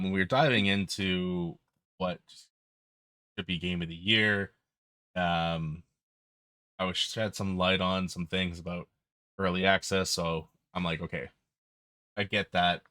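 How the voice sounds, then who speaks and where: A man's voice: deep voice, fairly even intonation, measured pace, pauses often, pushed and bright, dry recording, clean studio sound. A man hosting a podcast, talking casually and bluntly with frequent ums. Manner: blunt, candid, with filler ums. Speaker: podcast host.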